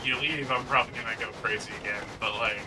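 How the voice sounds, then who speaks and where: A gaming chat co-host speaks at a medium pitch with a steady tone and a quick pace. He rambles through the casual conversation, says "like" constantly, and pokes fun at himself, all picked up on a distant mic.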